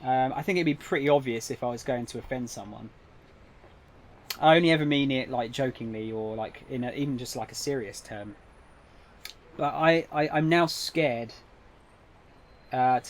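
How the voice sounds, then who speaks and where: A young man streaming a game, chatting casually with viewers in a rambling, hesitant way. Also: medium pitch. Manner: rambling, hesitant, lots of fillers and restarts. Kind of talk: casual live-stream chat.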